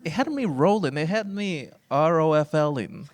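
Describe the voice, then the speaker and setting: A man's voice: on the high side, expressive, measured pace. A man chatting casually on a podcast, telling stories playfully with slang. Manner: playful, slangy, enthusiastic storytelling. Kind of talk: casual chat.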